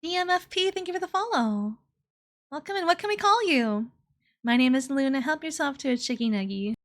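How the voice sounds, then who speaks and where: Young woman streamer, high bright voice, giggly, loud and excitable chat. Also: fairly quick. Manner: laughs often, excitable and loud. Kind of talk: casual livestream chat.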